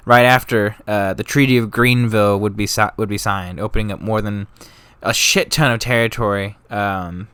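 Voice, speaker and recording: Young man, low voice, smooth tone, casual rambling profane history narration. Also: a bit bright, no room sound. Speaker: history vlogger.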